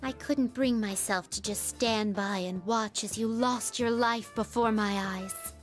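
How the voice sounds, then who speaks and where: Woman voicing a calm, mysterious, formal wanderer. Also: medium pitch, faint music behind, close to an everyday voice. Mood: solemn. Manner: slow, polite, measured formal speech. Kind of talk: video game voice acting.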